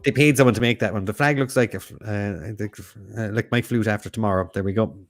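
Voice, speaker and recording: A man's voice: fairly low pitch, quick pace, faint music behind. Chatty man hosting a quiz. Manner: chatty, reads questions and answer options, jokes and riffs. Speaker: quiz host. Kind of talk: casual quiz chat.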